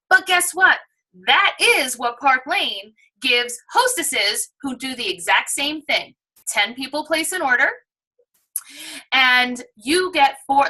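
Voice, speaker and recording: A woman with a New York accent giving an enthusiastic, persuasive sales pitch to prospective sellers. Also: bright, forceful tone, low-quality recording. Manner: enthusiastic, persuasive, acts out shoppers' voices. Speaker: direct sales presenter.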